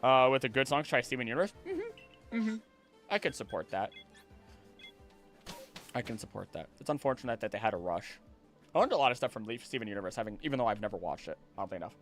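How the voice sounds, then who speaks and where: A man's voice: mid-range voice, fast, long pauses, soft background music. A man who streams and does voice acting, chatting casually with his viewers and reading their comments aloud in a jokey way. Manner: animated, jokey, reads chat aloud. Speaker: streamer and voice actor. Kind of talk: casual livestream chat.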